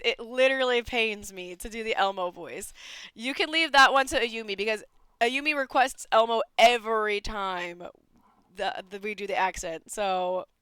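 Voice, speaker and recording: A woman's voice: mid-range voice, sharp tone, clear, resonant tone, no room sound. A young woman streaming live, chatting casually and giggling often while she plays a game.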